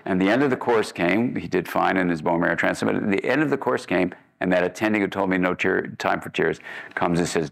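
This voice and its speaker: A man's voice: deep voice, a little fast, vocal fry, rough recording. A man giving a guest lecture, telling personal stories in a conversational way and acting out the dialogue he remembers.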